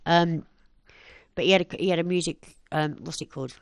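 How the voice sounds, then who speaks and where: A woman's voice: low-pitched, brisk, dry recording. A woman, a podcast guest talking bluntly and animatedly, acting out what others said. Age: 40s. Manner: blunt and animated, acts out quoted speech. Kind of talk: candid interview chat.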